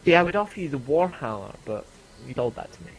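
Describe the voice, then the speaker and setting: A man voicing a flamboyant woman magic shopkeeper who calls everyone darling in a drawn-out, sing-song way. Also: fairly high pitch, big pitch swings, breathy edge, pitched above the performer's own voice, exaggerated voice, rough recording. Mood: theatrical.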